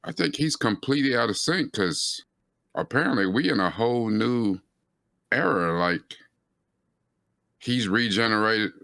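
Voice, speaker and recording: A man's voice: on the low side, animated, unhurried, creaky, long pauses, a bit bright, no echo. A man co-hosting a reaction video, talking in laid-back, slangy banter. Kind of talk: casual chat.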